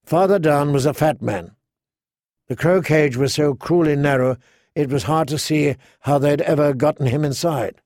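Measured male audiobook narrator. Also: a little high, a little mellow, dry recording, clean studio sound. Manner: measured, unhurried, vivid. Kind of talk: scripted narration.

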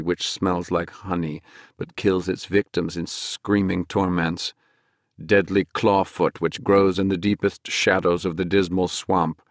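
Deep-voiced male audiobook narrator. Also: no echo, clean studio sound. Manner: measured, dramatic storytelling, slowing for emphasis. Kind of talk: scripted fantasy narration.

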